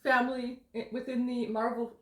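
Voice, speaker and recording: A woman hosting a casual live stream from a kitchen, an animated, giggly storyteller. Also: fairly high pitch, moderate pace. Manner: giggly, animated storyteller who acts out others' lines. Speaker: streamer host. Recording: echoey room, away from the mic.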